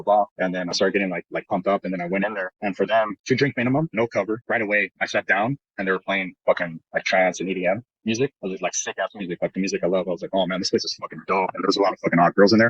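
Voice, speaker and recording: A man with a low, husky voice races through a crude, profanity-laden story in a casual chat. The recording is dry and a bit dull, like a lo-fi podcast mic. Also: no echo. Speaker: podcast host.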